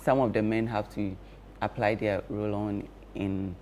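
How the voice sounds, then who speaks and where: Male health guest, measured and unhurried, lots of "um"s, low voice. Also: little pitch movement, darkish tone, a little hiss or hum. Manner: slow, measured explaining with frequent fillers. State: talking with cloves in his mouth. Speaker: health guest on a breakfast show. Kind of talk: explanatory studio talk.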